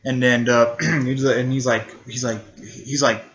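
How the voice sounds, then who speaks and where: A man retelling a fan story in a rambling, halting way, full of fillers and restarts. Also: mid-range voice, little pitch movement, a bit bright, lo-fi sound. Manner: halting, filler-heavy, repeats "technically" and "there".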